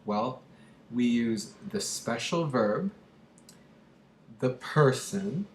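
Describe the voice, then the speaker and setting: A man explains English grammar in a slow, measured way, pausing often and leaning on fillers as he talks. His voice sits at an ordinary pitch. It sounds roomy and echoey, with a faint hiss of noise behind it. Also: expressive. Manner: slow and deliberate, with many pauses and fillers; acts out example sentences with a raised pitch. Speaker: English teacher.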